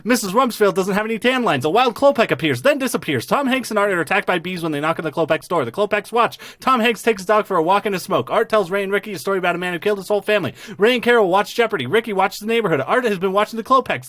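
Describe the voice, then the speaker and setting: A high-voiced man tears through a comedic movie recap at speed, deadpan and rapid-fire. The sound is dry and close, with no room around him. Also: no echo. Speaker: podcast co-host. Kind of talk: fast comedic movie summary.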